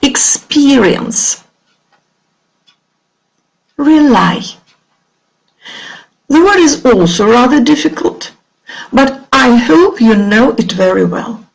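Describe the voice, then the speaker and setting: A middle-aged woman with a Russian accent teaching an online English lesson. She speaks clearly and drills words slowly, waiting for pupils to repeat. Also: fairly high pitch, sing-song, rough recording.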